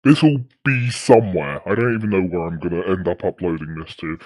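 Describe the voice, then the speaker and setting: A man in casual chat, sarcastic and swearing casually, with an effect that pitches his voice lower. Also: fairly quick, a little mellow, no room sound. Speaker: co-host.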